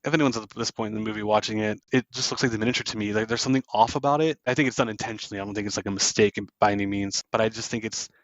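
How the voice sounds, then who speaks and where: A man's voice: fairly low pitch, fairly even intonation, very fast, hardly any pauses, no room sound, muffled recording. A man hosting a podcast, loosely retelling a film scene by scene with plenty of fillers. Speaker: podcast host. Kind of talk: casual film recap.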